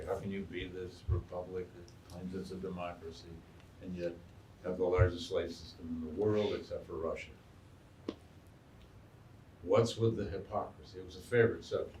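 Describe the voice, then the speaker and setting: A man, a historian and biographer, answering audience questions in an animated, storytelling way and acting out quotes. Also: low-pitched, moderate pace, slight background noise. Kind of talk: lecture Q&A answer. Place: lecture hall. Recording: echoey room, mic far off.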